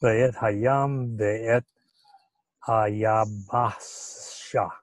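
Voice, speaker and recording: A low-voiced man reads aloud in a class, very slowly, stopping to work through each word. He sounds close and dry on a video call. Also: steady tone, dry recording. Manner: slow, hesitant reading with pauses. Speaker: student.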